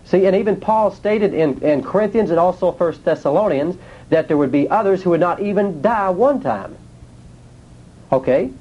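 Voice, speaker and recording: A man's voice: sits high, lively intonation, normal speed, highs cut off. A man teaching a sermon in a plain, folksy way, asking his listeners rhetorical questions. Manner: nonstandard grammar, folksy speech. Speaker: preacher.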